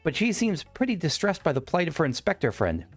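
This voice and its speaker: A man's voice: a little high, huge pitch swings, brisk, faint music behind, pitched above the performer's own voice. A man reading as a lovesick secret admirer. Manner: earnest, melodramatic reading of game dialogue. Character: lovesick devoted male admirer, secretive stalker.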